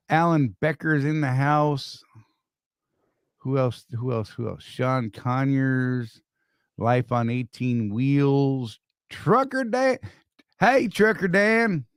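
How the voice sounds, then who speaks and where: A man's voice: on the high side, no echo, clean studio sound. An older man co-hosting a casual live stream, joking, teasing and greeting viewers by name.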